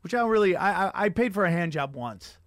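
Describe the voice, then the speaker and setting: A man hosting a casual podcast, telling rambling, profane stories with animated energy. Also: sits high, fast, no room sound, studio quality. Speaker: podcast host and comedian. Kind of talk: crude casual chat.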